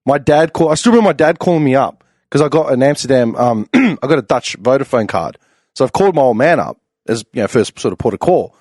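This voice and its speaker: Fast-talking man telling a rambling story. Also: medium pitch, dry recording, studio quality. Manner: rambling, animated storyteller full of fillers. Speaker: podcast panelist. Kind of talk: casual storytelling chat.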